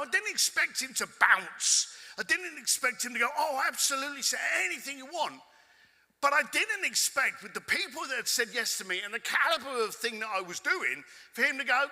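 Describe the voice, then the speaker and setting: A man with a London accent telling a cheeky, animated story to a conference audience, swearing casually. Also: sits high. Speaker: keynote speaker. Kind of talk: storytelling keynote. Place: conference hall stage with audience. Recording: echoey hall with long reverb.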